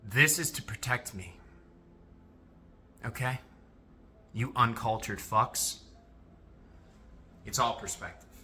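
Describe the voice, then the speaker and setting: A man talks straight to his viewers in a casual motivational monologue, swearing freely as he goes. His voice is bright and sharp, and it swings widely up and down in pitch. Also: takes it slowly, long pauses. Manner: animated, profane, addresses viewers directly. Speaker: self-improvement vlogger.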